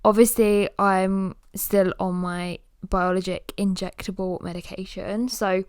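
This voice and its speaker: A woman's voice: mid-range voice, level tone, measured pace, a little mellow, smooth, no echo, studio quality. A woman in her early twenties hosting a casual solo podcast, rambling and tired, with lots of filler words. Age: early 20s. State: tired and yawning. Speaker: podcast host.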